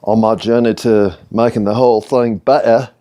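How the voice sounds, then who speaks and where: This US podcast host talks alone, drifting through reflective, philosophical thoughts and poking fun at himself. He has a fairly low, warm voice with a steady tone and a moderate pace.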